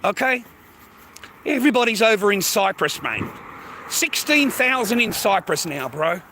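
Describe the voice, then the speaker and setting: A man's voice: high-pitched, big pitch swings, measured pace, gravelly, bright, forceful tone, slight background noise, rough recording. A man delivering an angry, profane ranting monologue, repeating himself and tagging lines with mate and bro. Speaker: vlogger.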